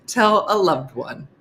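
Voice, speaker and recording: Brief: middle-aged woman, comic morning-show host, lower voice, lively swoops, slight hiss behind. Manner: animated, laughing, slips into character voices for quotes. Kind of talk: casual comedic storytelling.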